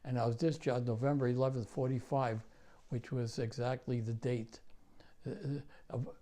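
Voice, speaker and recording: An older man with a New York accent, a war veteran recounting memories in an interview, halting and repeating himself. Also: medium pitch, flat delivery, mellow. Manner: halting, repeats phrases, many fillers.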